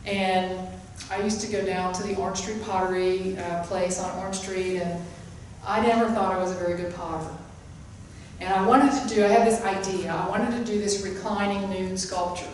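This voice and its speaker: A woman's voice: medium pitch, fairly even intonation, normal speed, slight background noise. A woman giving a sermon-style spiritual talk, emphatic and repeating her key phrases. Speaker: spiritual teacher. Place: hall of a spiritual center. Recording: echoey room, mic at a distance.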